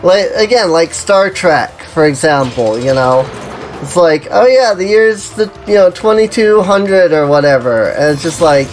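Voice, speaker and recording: A streamer chatting casually while playing an online game, rambling and saying "you know" and "like" constantly. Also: medium pitch.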